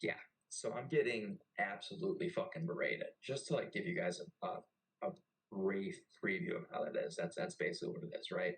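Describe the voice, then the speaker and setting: A young navy veteran tells a story loosely and casually. His voice sits on the low side, and he swears freely and keeps things animated. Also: a little fast, poor audio. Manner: profane and animated. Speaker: podcast host and navy veteran.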